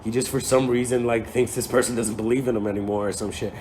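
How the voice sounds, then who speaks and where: A man's voice: mid-range voice, fairly even intonation, quick pace, a little mellow, slight background noise, natural voice. A man voicing the spirits as laid-back male helpers who talk in an offhand, slangy way. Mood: unimpressed.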